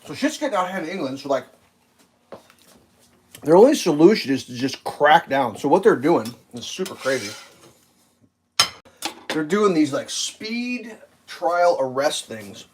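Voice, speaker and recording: A man with a fairly high voice talks in a casual, rambling way, full of fillers and swearing. He chats loosely while cooking. Faint kitchen noise sits behind him. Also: big pitch swings, a little slow, long pauses, darkish tone, low-quality recording. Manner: rambling, profane, filler-heavy. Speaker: livestream host.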